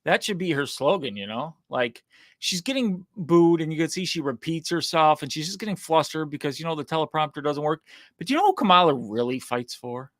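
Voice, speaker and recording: A man's voice: a little high, animated, brisk, a bit bright, no echo, clean studio sound. A man hosting a casual political commentary show, mocking and sarcastic as he reacts to clips.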